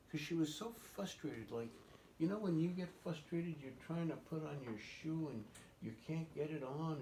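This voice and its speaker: Gravelly man telling a child a story. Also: a little high. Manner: gentle, coaxing, asks the listener questions. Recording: roomy echoing recording, faint noise.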